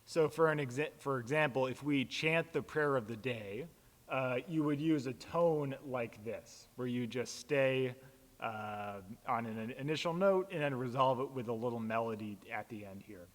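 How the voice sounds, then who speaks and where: Pastor explaining chant, reverberant hall. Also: male voice, mid-range voice, normal speed. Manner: relaxed, plain-spoken, with frequent "uh" fillers. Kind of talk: casual instructional explanation.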